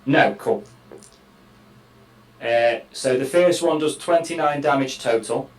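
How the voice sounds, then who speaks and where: Slow man counting dice rolls. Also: medium pitch, roomy sound, low-quality recording. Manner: slow and deliberate, counts dice out loud, swears now and then. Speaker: player. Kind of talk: playing a tabletop game over voice chat.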